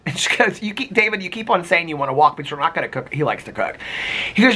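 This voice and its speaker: A man's voice: fairly high pitch, big pitch swings, quick pace, sharp tone, breathy edge. A man vlogging casually to camera, telling a chatty, gossipy story full of "like" and quoted dialogue.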